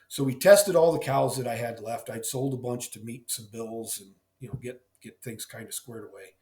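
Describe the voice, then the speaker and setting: A middle-aged man with a drawl, talking in a plainspoken, folksy way about life on his farm. His voice sits at an ordinary pitch for a man. It carries a roomy echo around it. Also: a little fast, few pauses, darkish tone. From Missouri. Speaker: dairy farmer guest. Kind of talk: heartfelt storytelling in a podcast interview.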